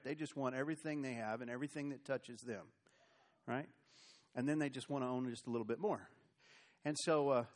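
An American man preaching a sermon, telling Bible stories in a folksy, conversational way. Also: a little high. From United States. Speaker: pastor.

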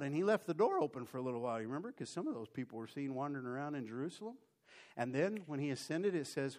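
A pastor preaching to his congregation in a folksy, conversational way. His voice sits a little high for a man, and he restarts and repeats words as he talks. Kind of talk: sermon.

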